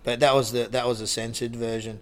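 A man's voice: mid-range voice, flat delivery, fairly quick, clear, resonant tone. A man with an Australian accent, a lifeguard guest telling a long anecdote in casual chat, often restarting his sentences. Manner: rambling, with many restarts and laughs. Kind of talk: casual storytelling.

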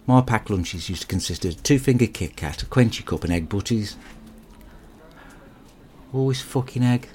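A man delivers a crude, deadpan and rambling comic monologue. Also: fairly low pitch, normal speed, long pauses, slight background noise.

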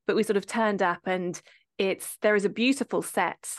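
A woman's voice: mid-range voice, fairly even intonation, normal speed. Conversational woman co-host. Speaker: podcast co-host. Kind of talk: casual chat.

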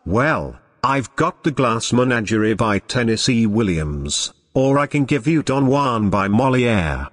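A man plays a pompous, hammy stage actor who lingers over every word and swings his pitch widely in theatrical declamation. His voice rings out with a long hall reverb trailing after it. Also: expressive. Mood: grandiose. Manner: grand, theatrical, slow declaiming.

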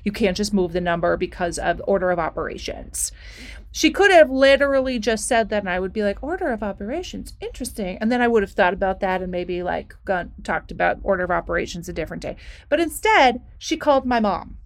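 A woman who works as a teacher, telling animated anecdotes as a guest in a casual conversation. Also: mid-range voice, brisk. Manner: animated, rising indignation in anecdotes.

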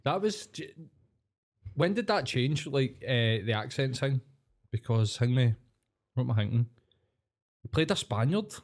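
Laughing sweary Scottish co-host. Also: male voice, mid-range voice, expressive, a little slow, pauses often, darkish tone. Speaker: podcast co-host. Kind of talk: casual chat.

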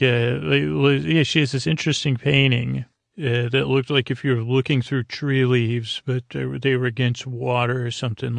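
With a mid-range, fry-laden voice and no room sound, a man loosely recaps a podcast episode he hosts, stumbling through plenty of fillers and restarts.

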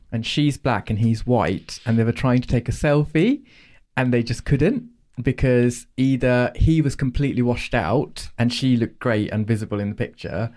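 A man co-hosting a podcast, explaining a point in a measured, casual way. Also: mid-range voice, darkish tone. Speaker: podcast co-host.

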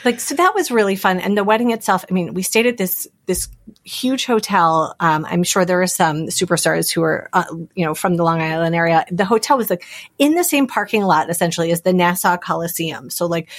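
A woman's voice: fairly low pitch, fairly quick. A woman in her thirties, a podcast regular, chatting casually and animatedly, acting out her family members as she tells stories. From United States. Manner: animated storytelling, acts out family members' voices. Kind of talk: casual chat.

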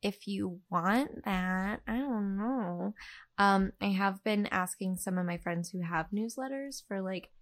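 A woman's voice: medium pitch, takes it slowly. A woman, co-hosting a podcast in a casual, enthusiastic chat. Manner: chatty, enthusiastic, playful. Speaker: podcast co-host.

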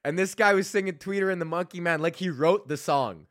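A man's voice: high voice, brisk, fairly bright tone, no echo, studio quality. A young man hosting a podcast, ranting casually with constant swearing, rambling asides and frequent laughter. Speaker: podcast host. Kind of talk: profane casual rant.

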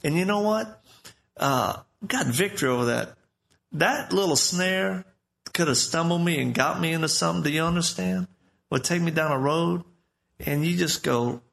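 A man's voice: on the high side, lively intonation, normal speed, creaky, a bit bright, soft background music. A man preaching a live sermon in a conversational, storytelling way.

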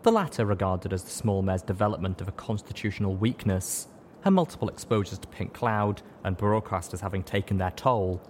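A man narrating a fan fiction story as an audiobook reading, in a steady, expressive storytelling manner. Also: fairly low pitch, brisk, slight background noise.

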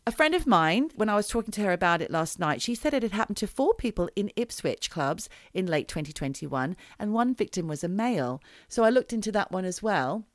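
A woman co-hosting a podcast tells a true crime story in a chatty, dramatic, casual way. Her mid-range voice is animated and a little fast, with few pauses. The recording is dry and studio quality.

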